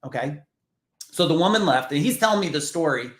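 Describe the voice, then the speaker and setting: A man's voice: on the high side, lively intonation, a little fast, reverberant. A man from New Jersey, a business founder telling earnest stories as a podcast guest, swearing casually. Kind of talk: emotional storytelling.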